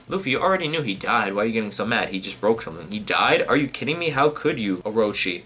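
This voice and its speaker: A man hosting a live manga reaction, reading pages aloud and thinking out loud with casual swearing and lots of fillers. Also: fairly low pitch, sing-song, fast talker, hardly any pauses, faint music behind. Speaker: manga reaction channel host.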